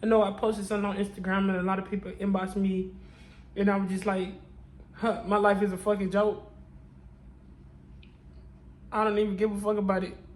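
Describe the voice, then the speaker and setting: A woman's voice: mid-range voice, flat delivery, fairly quick, pauses often, poor audio. Tearful woman vlogger testifying. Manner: repetitive, prayerful, testifying. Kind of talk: emotional confessional vlog.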